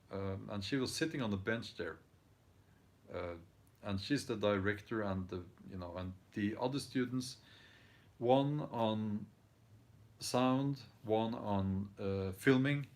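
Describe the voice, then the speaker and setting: A man with a Norwegian accent talks through a casual vlog at an unhurried, halting pace, full of ums and restarts. His voice sits low and has a gravelly fry to it, and his tone is dry and blunt. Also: a little mellow. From Norway. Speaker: vlogger.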